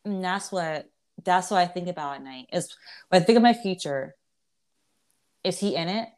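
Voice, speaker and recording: A young woman hosts a podcast in loose, casual chat, swearing freely and tripping over her words as she talks. Her voice sits a bit low for a woman, and she often breaks into laughter. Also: moderate pace. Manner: candid, profane, laughs often, many restarts. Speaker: podcast host.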